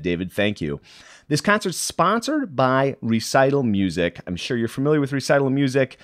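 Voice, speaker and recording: A man hosting a music podcast, giving a chatty, upbeat news rundown with offhand asides. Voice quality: animated, swinging pitch. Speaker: podcast host.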